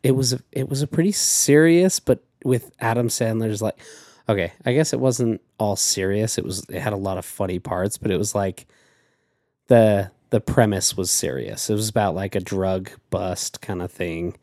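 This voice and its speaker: A man's voice: fairly low pitch, moderate pace, dark tone, dry recording, studio quality. A man chatting as a podcast guest, telling a story in a rambling, hesitant way. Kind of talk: casual chat.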